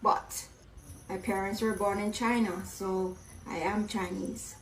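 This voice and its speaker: Older woman, slow and firm, far off. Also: medium pitch, steady tone, roomy sound, a little hiss or hum.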